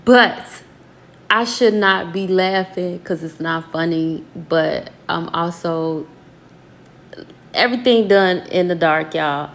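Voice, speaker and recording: A woman community activist from Minnesota, talking casually to her viewers in an animated, folksy way and calling them y'all. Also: fairly low pitch, takes it slowly, gravelly. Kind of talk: casual reaction commentary.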